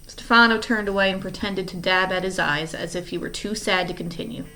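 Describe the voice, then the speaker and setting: A woman reads a children's novel aloud in a steady storytelling manner. Her voice sits in a middle range. The pace is even and unhurried. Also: medium pitch. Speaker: reader.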